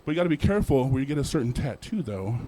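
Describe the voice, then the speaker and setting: A young man performing a stand-up set at an open mic, animated, acting out characters in sudden put-on voices. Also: medium pitch, rapid-fire. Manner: animated, acts out characters with jumps in voice. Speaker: stand-up comedian.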